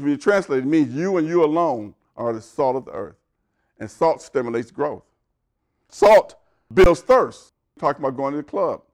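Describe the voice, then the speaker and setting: A man delivering a sermon in a fairly high voice. He preaches with emphasis, pushing his pitch up and pressing harder as he builds toward a point. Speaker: pastor.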